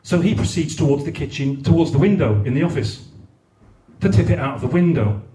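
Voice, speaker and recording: A man's voice: on the high side, brisk, dark tone. A man performing a crude, swearing live stand-up routine, acting out other people's raised voices at a comedy night. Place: comedy night in a venue hall. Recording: echoey hall, mic from far off.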